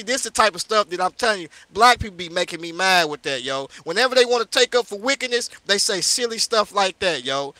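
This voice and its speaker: A St. Louis street preacher hosting a live discussion confrontationally scolds a listener in a heated livestream rant, repeating "yo" and "you know what I'm saying." His voice is high and sharp, in a dry recording.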